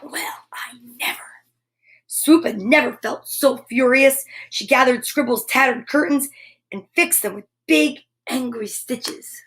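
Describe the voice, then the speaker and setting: A woman reading a picture book aloud to children, expressive, with exclaimed asides. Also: sits high, a little slow. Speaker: children's storyteller.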